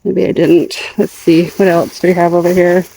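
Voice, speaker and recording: A woman's voice: on the low side, little pitch movement, normal speed, creaky, warm tone, slightly rough. A middle-aged woman chatting casually as she walks through her garden, talking to her dogs and plants, her voice going in and out. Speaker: gardening vlogger. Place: outdoors in a backyard garden.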